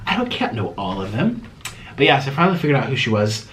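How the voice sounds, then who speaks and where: A man chatting casually through a mukbang eating vlog, dramatic and swinging between low mumbles and excited yelps. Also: fast, a little hiss or hum. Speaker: mukbang vlogger.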